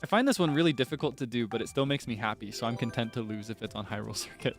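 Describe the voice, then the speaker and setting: A male streamer chatting playfully while he plays, laughing often between jokes. His voice sits at an ordinary middle pitch, with faint game music underneath. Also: very fast. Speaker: streamer and host. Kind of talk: casual chat while gaming.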